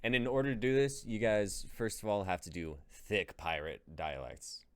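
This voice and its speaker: A man's voice: on the low side, lively intonation, moderate pace, smooth. A man hosting a live stream and assigning roles for a script reading, in upbeat, casual chat. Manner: upbeat, directing the group. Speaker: stream host. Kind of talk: casual stream chat and casting a table read.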